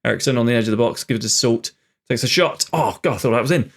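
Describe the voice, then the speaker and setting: A man's voice: mid-range voice, fast talker, vocal fry. Chatty man narrating his game. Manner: chatty, thinks aloud, bursts into excitement at goals. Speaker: gaming channel host. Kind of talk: live gameplay commentary.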